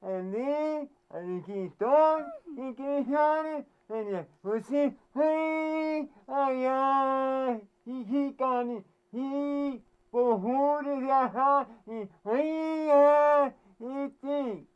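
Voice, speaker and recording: A woman's voice: sits high, very slow, lo-fi sound. A woman playing a sidekick who mumbles incoherent babble in a comedy sketch. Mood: babbling. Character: mumbling sidekick called Butch.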